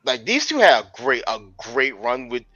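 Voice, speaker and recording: A man co-hosting a podcast, chatting casually with lively, wry commentary. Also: mid-range voice, moderate pace, dry recording, muffled recording. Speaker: podcast co-host. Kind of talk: casual chat.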